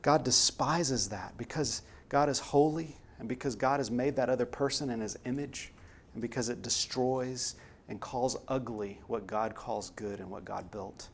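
A man's voice: mid-range voice, moderate pace, a little hiss or hum. A man preaching a sermon in an earnest, emphatic way, pressing hard on key words.

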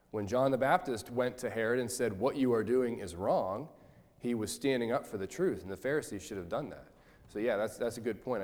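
A man's voice: medium pitch, darkish tone, long reverb tail. Earnest man teaching a Bible study. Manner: earnest, explanatory, invites questions.

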